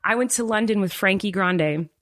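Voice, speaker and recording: A woman co-hosting a casual podcast, telling a story in an animated, self-deprecating way. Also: medium pitch, moderate pace, dry recording, clean studio sound. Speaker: podcast co-host.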